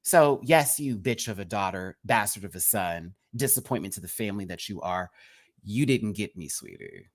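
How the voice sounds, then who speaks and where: This male host of a live review show has a fairly low voice and a moderate pace. He rants at a critic live in a cutting, sassy manner, using pet names like sweetie and baby.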